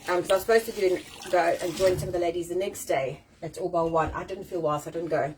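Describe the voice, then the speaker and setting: Fast-talking South African woman, swearing freely. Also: lowish voice, slight background noise, poor audio. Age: 40s. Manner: chatty, swears freely, animated and self-deprecating. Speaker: host. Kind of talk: casual live-stream chat. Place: at home. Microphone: phone or webcam on a live stream.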